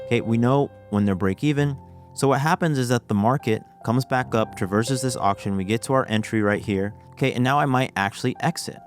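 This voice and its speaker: A man giving a casual screen-share trading lesson, walking through a chart and often saying "okay" as he restarts phrases. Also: lowish voice. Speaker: trading educator.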